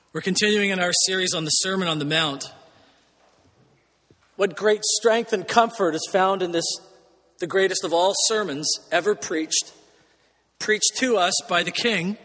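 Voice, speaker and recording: A fairly high-voiced man preaching as pastor, his words ringing out with a long church reverb. He is earnest but slips in dry humorous asides. He slows and rises to stress the key phrases. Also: sharp tone. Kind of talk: sermon. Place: church sanctuary.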